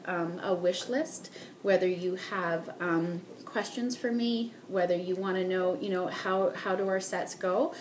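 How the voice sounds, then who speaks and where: A woman giving a sales training talk as a beauty consultant, animated, acting out customers and ending lines with "okay?". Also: medium pitch, noisy background.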